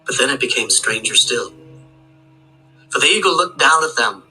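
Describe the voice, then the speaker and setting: A man telling a folk tale aloud, with a steady rhythm that links each line with "and". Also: mid-range voice, moderate pace, soft background music, low-quality recording. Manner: rhythmic, with long chains of "and". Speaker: storyteller.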